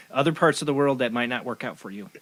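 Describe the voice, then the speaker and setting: A man's voice: mid-range voice, animated, brisk. A man hosting a podcast interview, joking and laughing often and jumping in with quips. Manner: jokey, laughs a lot, jumps in with quips. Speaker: podcast host. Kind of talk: casual interview chat.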